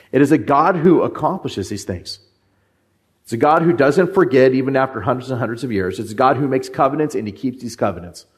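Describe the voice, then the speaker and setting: A man delivering a sermon, alternating between reading scripture and explaining it. He is emphatic and often repeats phrases for stress. His voice sits at an ordinary middle pitch. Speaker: preacher.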